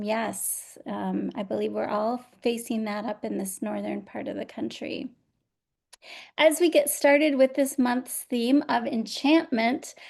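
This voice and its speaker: A woman from Minnesota hosts a live online journaling session from home over a video call. Her voice is scratchy with a gravelly, fry-laden edge and sits a bit high. She chats along casually, with plenty of "um"s and small restarts. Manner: warm, chatty, many fillers and restarts. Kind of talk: casual live webinar hosting.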